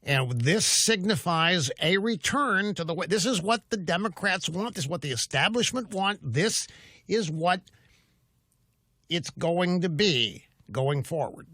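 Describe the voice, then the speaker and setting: A man's voice: high-pitched, animated, a little slow, pushed and bright, no echo, clean studio sound. A man in his later years hosting a political talk radio show, combative and emphatic, firing off rhetorical questions. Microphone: studio mic.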